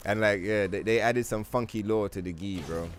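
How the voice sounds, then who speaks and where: A man livestreaming a game, talking to his chat in a rambling, profane, animated way. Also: on the low side, normal speed, slight background noise. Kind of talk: casual gaming stream chat.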